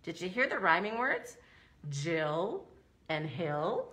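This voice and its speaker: A middle-aged librarian runs a preschool story time, speaking in an animated sing-song way for little children. Her voice is medium in pitch and her pace unhurried.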